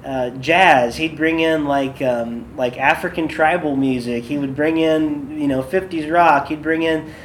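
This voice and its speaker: A man leads a worship workshop in an easy, rambling storyteller's way, full of fillers and side remarks. His voice sits a little above the usual for a man, with a faint hiss in the recording. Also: a little high. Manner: chatty, loose, with many fillers and asides. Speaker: worship leader and podcast host. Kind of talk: casual workshop talk with stories.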